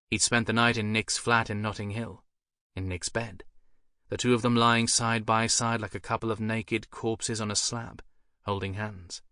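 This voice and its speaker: Low-voiced male audiobook narrator. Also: fairly bright tone, dry recording, clean studio sound. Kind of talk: scripted narration.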